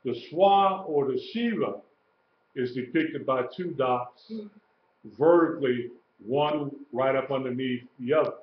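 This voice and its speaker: A man's voice: mid-range voice, unhurried, a little hiss or hum. A man teaching a class, patiently repeating each term and spelling words out letter by letter. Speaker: Hebrew teacher. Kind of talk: classroom lecture, live-streamed. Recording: roomy, dull lo-fi live stream.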